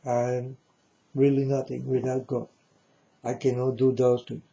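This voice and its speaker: A man preaches at his viewers in broken, non-native English, insistent and repetitive, regularly asking whether they get it. The voice is mid-range, level, unhurried, creaky and mellow, heard through lo-fi sound.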